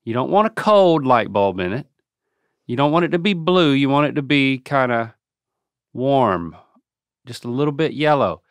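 A man co-hosting a casual podcast chat, explaining home tips in an animated way with playful sound effects. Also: medium pitch, normal speed, pauses often, clear, resonant tone, dry recording. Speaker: podcast co-host.

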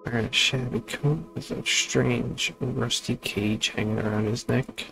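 A man's voice: mid-range voice, little pitch movement, unhurried, gravelly, fairly bright tone, soft background music, poor audio. A man hosting a gaming channel, reading a text adventure aloud and breaking off for casual asides about the game. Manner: reads game text, then chats in asides.

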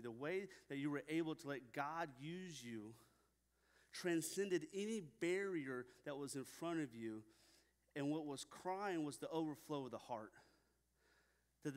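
A young man preaching a sermon at a church, telling stories casually with many fillers. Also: medium pitch. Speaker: pastor. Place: church sanctuary. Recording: long reverb in a hall.

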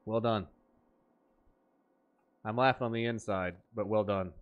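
A man's voice: lowish voice, fairly even intonation, measured pace, dull audio. A man streaming a game, joking and riffing in playful banter with his chat. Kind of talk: gaming stream commentary.

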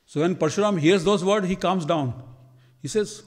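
A man, telling a devotional story as a temple speaker and acting out the quoted lines with lively energy. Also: high-pitched, normal speed, in a large hall. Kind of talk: storytelling sermon. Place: temple hall.

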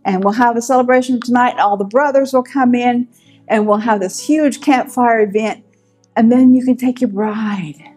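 A woman's voice: on the high side, normal speed, darkish tone, soft background music, natural voice. A woman voicing a crafty older man, a father-in-law who brushes things off in a shrugging, wheedling way. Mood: jovial.

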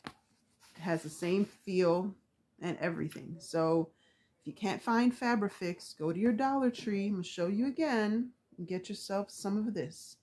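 A woman's voice: medium pitch, measured pace, darkish tone. A woman vlogger chatting casually about craft supplies, rambling with lots of fillers, with the hiccups.

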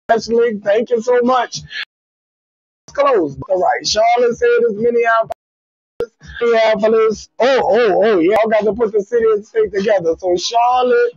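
A man's voice: very high voice, no echo. A man hosting a live comedy stream, running trivia and teasing viewers with profane, laughing banter over dry, dull lo-fi audio. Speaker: comedian host of a live show.

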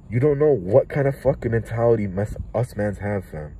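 A rapper in his twenties with a Toronto accent delivers an impassioned, profane vlog rant straight to camera, jumping heatedly between thoughts with hardly any pauses. His medium-pitched voice is dark, mellow and expressive, a little fast. The recording is rough, with faint vehicle noise humming behind him.

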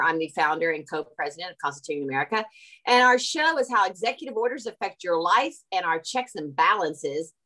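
A woman's voice: lowish voice, fairly bright tone. A woman hosting a livestreamed podcast, introducing the show and thanking sponsors with gushing, repetitive praise. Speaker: podcast host and founder.

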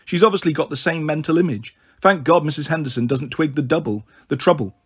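A man reading a novel aloud in an expressive, lively storytelling manner. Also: fairly high pitch, brisk, breathy edge.

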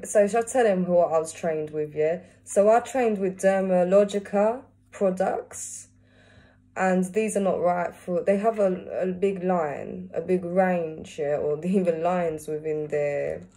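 A woman's voice: sits low, warm tone. A woman beautician giving casual advice to camera, who tags nearly every phrase with a checking "yeah?" or "okay?" and now and then asks an unseen helper a question aside.

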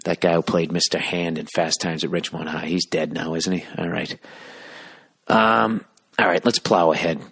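A man's voice: low voice, fairly even intonation, normal speed, vocal fry, a bit bright, slightly rough. A man hosting a solo comedy podcast, ranting sarcastically and swearing as he riffs. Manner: sarcastic, profane, riffing. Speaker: podcast host.

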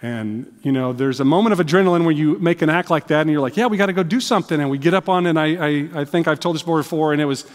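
Guy preaching in church, chatty storytelling, bit high voice, long echo in the hall. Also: fast talker, few pauses. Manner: conversational storytelling with restarts. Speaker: missionary preacher. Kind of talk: sermon with personal stories. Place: church sanctuary.

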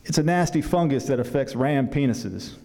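A man's voice: medium pitch, fairly even intonation, brisk, mellow, close to an everyday voice. A man reading aloud and voicing a wry grandfather veterinarian, in a hall with long reverb.

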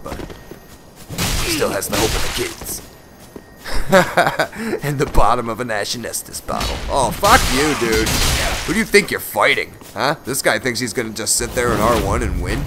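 A man giving casual, profane gameplay commentary, joking and breaking into excited shouts. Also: on the low side. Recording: loud music behind the voice.

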